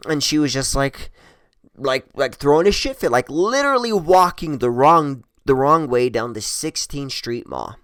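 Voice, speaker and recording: A man's voice: mid-range voice, expressive, normal speed, a bit bright, dry recording. A man telling a personal story in a casual, rambling way, swearing a lot and joking crudely. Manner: profane, rambling, crude humor.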